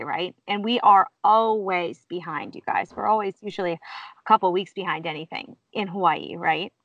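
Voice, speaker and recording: Woman, casual storyteller, bright and animated, high-pitched quotes; dry, slightly lo-fi mic. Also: dry recording. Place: lives in Hawaii.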